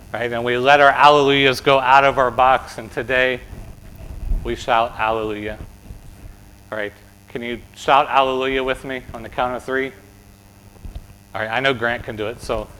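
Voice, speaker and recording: Bright-voiced pastor chatting with kids. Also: male voice, mid-range voice, a little hiss or hum, low-quality recording. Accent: American. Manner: chatty, asks kids questions, says "right?" often. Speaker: pastor giving children's sermon. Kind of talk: children's sermon. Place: church sanctuary.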